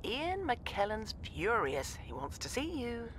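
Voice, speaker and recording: A woman's voice: on the high side, huge pitch swings, slow, slight background noise, full character voice. An actress playing a wry, curt woman who shares the home, heard in a radio comedy.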